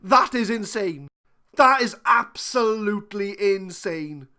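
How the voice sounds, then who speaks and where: A gaming channel host, she commentates her football management game live at medium pitch, with lively intonation and a slow pace. She thinks aloud, dipping into mutters and bursting into shouts.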